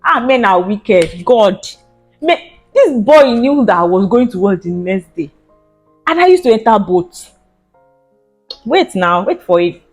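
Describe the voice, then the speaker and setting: A young woman with a Nigerian English accent, telling a personal story in a casual vlog, animated and laughing often, with Pidgin slang. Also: mid-range voice, unhurried, pauses often, soft background music. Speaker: vlogger.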